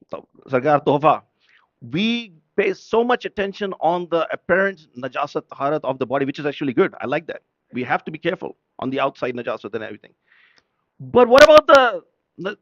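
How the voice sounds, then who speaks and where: A man's voice: a little high, no room sound, highs cut off. A man preaching an impassioned sermon at a mourning gathering. He fires off rhetorical questions and switches between English and Urdu.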